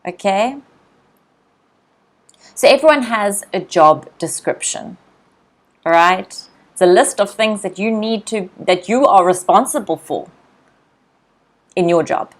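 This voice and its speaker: A young woman with an Australian accent teaching English vocabulary in a live online lesson, repeating each word slowly and greeting viewers by name. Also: medium pitch, lively intonation. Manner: slow, drilled word repetition.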